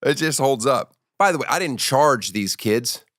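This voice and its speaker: A man's voice: mid-range voice, animated, normal speed, a loud crowd, very noisy. A man in his forties hosting a podcast, telling stories in a rambling, profane, joking way. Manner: rambling, profane storytelling with restarts. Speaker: podcast host. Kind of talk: casual comedic chat.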